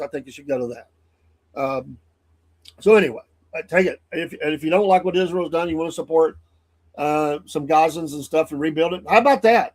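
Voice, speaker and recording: A man with a somewhat raised voice hosts a morning show and talks straight into a studio mic. He is blunt and heated, rambles, and often restarts his sentences. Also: on the high side. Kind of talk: opinionated solo commentary.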